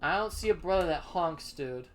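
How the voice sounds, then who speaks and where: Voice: mid-range voice, expressive, moderate pace, fairly bright tone. Offhand joking game streamer. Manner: jokey, offhand reactions while reading game text. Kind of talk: casual gameplay commentary.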